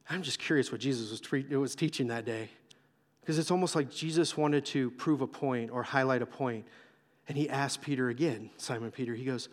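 A male pastor preaching a sermon, telling the story with animated, acted-out voices. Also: mid-range voice, brisk. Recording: long hall reverb.

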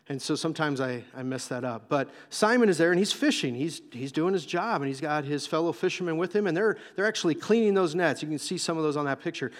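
Animated preacher man in a reverberant hall. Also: a little high. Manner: animated storytelling, acting out voices. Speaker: pastor. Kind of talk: sermon.

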